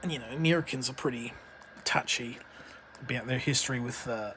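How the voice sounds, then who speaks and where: A man's voice: medium pitch, fairly quick, background noise. A man with an Australian accent doing a comedic vlog monologue, talking in a rambling, hesitant, mock-earnest way with lots of filler sounds. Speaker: vlogger.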